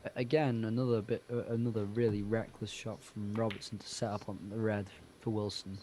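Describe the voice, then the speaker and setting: A man's voice: on the low side, flat delivery, brisk, dark tone. Laid-back man, faint noise. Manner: laid-back banter, wry jokes. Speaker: co-host of a sports watch-along. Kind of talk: casual live commentary chat.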